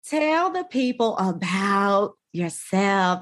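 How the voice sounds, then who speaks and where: A woman's voice: a little high, expressive, a little slow. A woman hosting a podcast, exuberant and playful, hyping up her guest with slangy banter. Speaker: podcast host. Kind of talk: upbeat casual podcast hosting.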